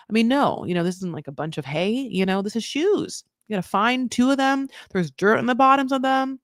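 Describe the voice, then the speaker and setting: A woman's voice: mid-range voice, lively intonation, brisk, few pauses, no room sound, clean studio sound. A woman hosting a casual reality TV recap, chatty and swearing freely as she acts out what people said.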